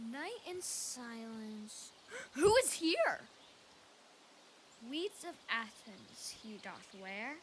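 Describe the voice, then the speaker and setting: A young woman playing a mischievous male fairy servant, speaking slow deliberate verse with sudden loud outbursts, recorded at an outdoor youth stage performance. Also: fairly high pitch, background noise, heavily acted.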